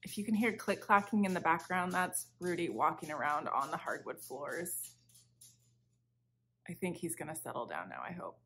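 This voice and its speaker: Recorded on a video-podcast camera with a little hiss or hum, this low, fairly bright female voice is animated and moves at a moderate pace. She hosts a crafting podcast from home, still slightly sick as she recovers from illness. Her casual chat is friendly and a bit rambling, with frequent self-interruptions.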